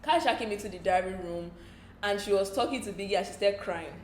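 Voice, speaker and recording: Nigerian woman, gossipy recap host, mid-pitched, echoey room. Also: fairly quick, a little hiss or hum. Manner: chatty, laughs often, slips into pidgin asides. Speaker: entertainment show recap host.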